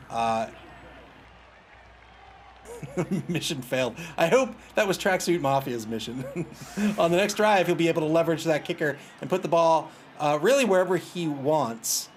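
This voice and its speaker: With a fairly high-pitched voice, a man talks through his own video game match, laughing, needling his opponent, and chatting with his viewers. Slight background noise sits under the recording.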